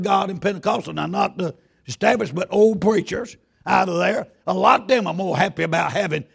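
A man preaching a sermon in a church. He is a loud, folksy Baptist pastor who tells stories with stammering restarts. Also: high-pitched, brisk, gravelly, breathy edge. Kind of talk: sermon with storytelling.

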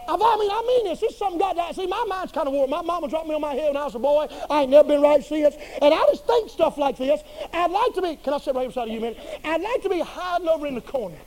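A man preaching a sermon in a folksy, humorous and colloquial way, swinging between quiet asides and loud bursts. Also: very high voice, expressive, racing, hardly any pauses, rough recording.

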